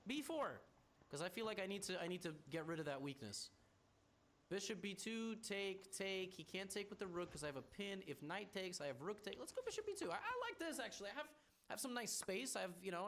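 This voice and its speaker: Streamer type, man, higher than average voice, talks himself through moves with restarts and dry jabs, faint noise behind. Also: a bit bright. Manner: ponders moves aloud, stammering restarts, wry teasing. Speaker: chess streamer. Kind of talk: thinking aloud while playing chess.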